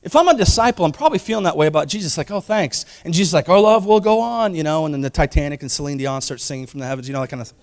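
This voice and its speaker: Male pastor, high voice, animated preaching with acted-out voices and big loud-to-soft swings. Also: very fast, hardly any pauses. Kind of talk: sermon.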